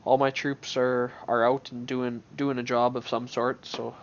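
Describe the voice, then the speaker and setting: A man's voice: medium pitch, flat delivery, a little slow, muffled recording, a little hiss or hum. A man giving casual gameplay commentary on his own match, thinking aloud in an offhand way with many restarts.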